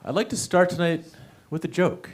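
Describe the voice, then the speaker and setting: During an open mic set at a small comedy venue, a young man works the room with chatty, self-mocking talk, often laughing at his own jokes. His voice sits on the high side with fairly even intonation and a moderate pace. The recording is very noisy.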